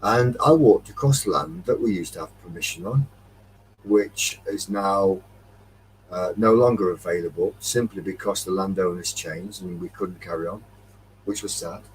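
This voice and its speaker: A man's voice: low voice, normal speed, far from the mic, a little hiss or hum, poor audio. A man from Derbyshire with a Midlands accent, hosting a casual chat, rambling through a story and acting out the dialogue after a few beers. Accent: English Midlands. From Derbyshire, England. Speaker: metal detecting chat host.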